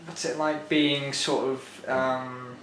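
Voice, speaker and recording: Male interviewer, asking halting questions, roomy echo around him, faint background noise. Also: medium pitch, little pitch movement, a bit bright.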